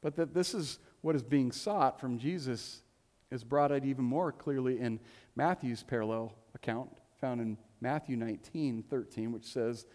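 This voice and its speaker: A man's voice: medium pitch, normal speed, darkish tone. A man preaching a sermon as a pastor in a church, conversational and joking, with playful asides. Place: church sanctuary. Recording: long reverb of a church hall.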